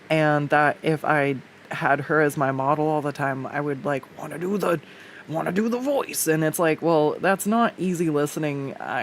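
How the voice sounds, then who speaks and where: A woman's voice: low-pitched, slight background noise. A woman art streamer chatting casually while she draws, rambling with lots of fillers, restarts and the odd swear, recorded on a desktop USB mic at home. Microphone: desktop USB condenser mic.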